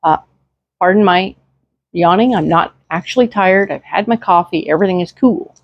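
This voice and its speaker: Speaking into a desk microphone, a woman with a lowish voice gives a casual tarot reading at a moderate pace, chatty and reassuring, with plenty of fillers and tag questions. There's no echo, but the highs are cut off.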